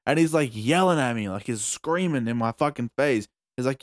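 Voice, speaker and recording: A young man with an Australian accent telling a story in a casual chat, animated and swearing freely. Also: mid-range voice, normal speed, dry recording, clean studio sound.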